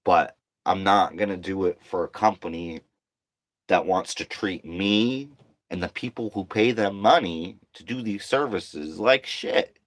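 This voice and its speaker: A man's voice: sits low, a little slow, no echo. A tired man venting to camera in a slangy, profane monologue, worn down and getting heated. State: exhausted.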